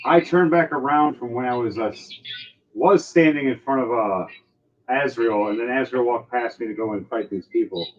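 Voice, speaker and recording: A man running a tabletop game as game master, narrating in an animated way and acting out sound effects. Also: mid-range voice, normal speed, muffled recording.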